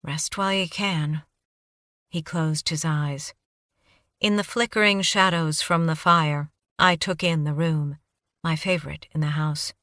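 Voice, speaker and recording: A woman narrating an audiobook in steady first-person storytelling. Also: sits low, a little slow, no echo, clean studio sound.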